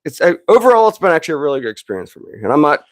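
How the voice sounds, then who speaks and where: A man's voice: fairly high pitch, very animated, very fast, dry recording. Chatty man in his thirties, dry sound. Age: 30s. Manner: rambling, laughs often, acts out quotes. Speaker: podcast host. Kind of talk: casual chat.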